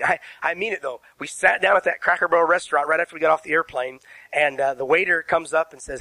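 A man preaching from the pulpit with a bright, forceful voice pitched a little high. He presses his points hard, throws questions at the congregation and spells out key words letter by letter. The sound is close and dry. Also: steady tone, fast, dry recording, poor audio. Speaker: pastor. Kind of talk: sermon. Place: church sanctuary.

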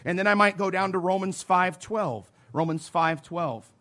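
A man with a slightly high voice preaches in an emphatic teaching style. He slows way down to stress each scripture phrase and drops in folksy asides. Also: pushed and bright. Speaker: preacher teaching soul-winning. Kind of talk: sermon teaching with role-played witnessing.

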